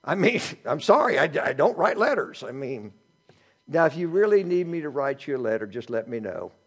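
Male pastor, middle-aged, preaching a sermon with wide-ranging pitch, playful asides, loud-to-hushed swings. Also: moderate pace, husky. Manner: animated, joking asides, shifts from loud to hushed.

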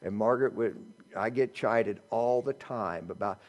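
A middle-aged male pastor preaching a sermon, animated, with joking asides and swings between loud and hushed delivery. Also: fairly low pitch, measured pace.

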